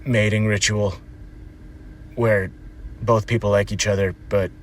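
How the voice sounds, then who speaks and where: A man's voice: lowish voice, flat delivery, unhurried, slight background noise. A man telling a wry, rambling comic story to camera. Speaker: comedian.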